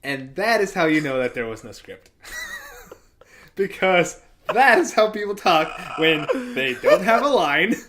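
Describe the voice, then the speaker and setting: Wry, lively podcast guy. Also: high-pitched, measured pace, noisy background. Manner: laughing, wry commentary. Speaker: podcast co-host. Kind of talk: casual movie recap chat.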